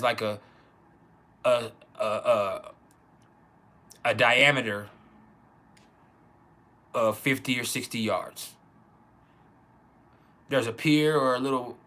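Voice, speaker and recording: A man telling a personal childhood story in a casual, halting way, with many restarts. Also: mid-range voice, sharp tone. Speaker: channel host.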